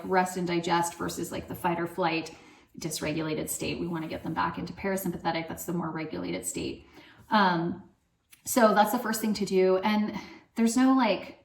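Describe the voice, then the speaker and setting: A woman's voice: on the low side, creaky, slight background noise. A woman speaking as a parenting coach, giving casual advice in a loose, chatty way full of fillers. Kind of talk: casual advice talk to camera. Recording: echoey room.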